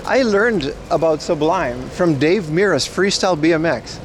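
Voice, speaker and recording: Biking through the city, a thirty-something man hosts a relaxed livestream, meandering in his talk and responding to chat. He sounds animated, with a somewhat high voice at a moderate pace, and there's slight background noise.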